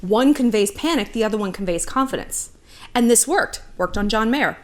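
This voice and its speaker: Brash sassy woman vlogger, fairly high voice. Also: animated, normal speed. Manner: brash, profane, sassy, acts out quotes. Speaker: YouTube dating advice host. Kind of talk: casual advice vlog.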